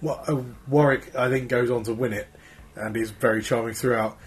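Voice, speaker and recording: A man's voice: medium pitch, fairly even intonation, a little fast. Male co-host, casual rambling chat, dry humour, mid-range voice. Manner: rambling, wry anecdotes. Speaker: podcast co-host.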